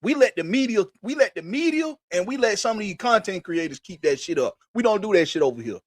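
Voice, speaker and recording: Here a sports podcast host talks fast in a high, very animated voice on a dry recording. The conversation is casual but heated, full of emphasis, repetition and free swearing.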